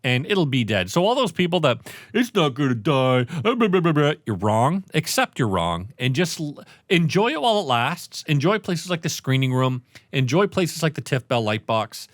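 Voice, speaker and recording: A man co-hosting a podcast in casual chat, animated and swearing often. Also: medium pitch, moderate pace, few pauses, no echo, clean studio sound. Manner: animated, swears a lot, acts out loud crowd voices. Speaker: podcast co-host.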